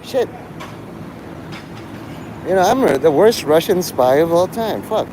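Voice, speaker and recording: A man's voice: high voice, lively intonation, takes it slowly, pauses often. A man hosting a live stream, talking in a rambling, profane monologue that jumps between topics. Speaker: livestream host. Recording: live stream with loud street noise.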